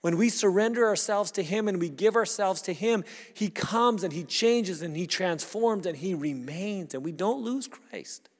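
A male pastor delivers a sermon in an easy, conversational way, circling back over his words as he thinks aloud. His voice sits a little high for a man, and it rings out with a long reverb through the sanctuary. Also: moderate pace, hardly any pauses. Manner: earnest, conversational preaching with repeated restarts. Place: church sanctuary.

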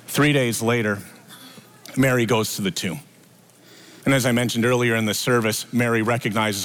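A man's voice: steady tone, moderate pace, fairly bright tone. A male pastor preaching an Easter sermon at a church service, telling the story with acted-out dialogue. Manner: storytelling, acts out quoted dialogue with lifted pitch.

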